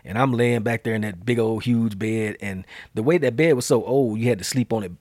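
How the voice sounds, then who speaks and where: Animated slangy male storyteller. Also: mid-range voice, fairly quick, no room sound, studio quality. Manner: animated, slangy storyteller who acts out quotes. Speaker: podcast host. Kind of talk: casual storytelling chat.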